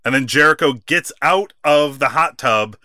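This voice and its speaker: A man co-hosting a wrestling podcast, chatting casually, laughing often and acting out quotes with animated bursts. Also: on the high side, normal speed, dry recording, clean studio sound. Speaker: podcast co-host.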